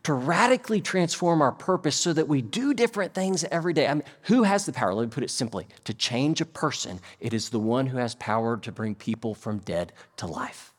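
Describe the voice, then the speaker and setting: A man's voice: mid-range voice, fairly quick, few pauses. A male pastor preaching a sermon to a congregation in a church, putting questions to the listeners as he goes. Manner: animated, quizzes the congregation. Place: church sanctuary before a congregation. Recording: long hall reverb.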